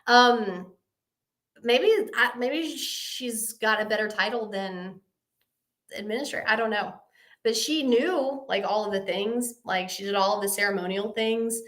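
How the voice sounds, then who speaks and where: In an unhurried, mid-range voice, a live-stream host spins a casual, lively tale at her own expense. She voices each side of the conversation as she goes.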